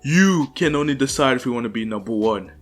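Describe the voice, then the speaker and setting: A man voicing a young hero in his father's body, speaking calmly in a lowered, lecturing tone. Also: brisk, soft background music, close to an everyday voice. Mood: earnest.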